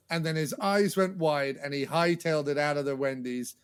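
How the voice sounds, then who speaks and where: Man, podcast host, casual chat, animated storyteller, swears a lot, somewhat high voice. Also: normal speed, few pauses, clear, resonant tone. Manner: animated storyteller, swears freely, acts out scenes.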